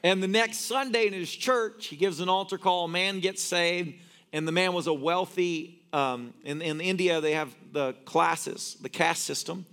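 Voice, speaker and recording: A man's voice: high-pitched, moderate pace, fairly bright tone. A man preaching a sermon as a pastor, telling stories and cracking jokes. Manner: joking storyteller. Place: church.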